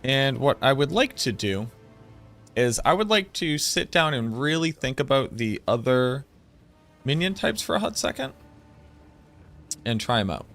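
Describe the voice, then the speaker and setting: A man's voice: mid-range voice, animated, moderate pace, a bit bright, soft background music. A man in his thirties with a Boston accent, chatting casually and rambling on a game stream. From North Shore of Boston, USA.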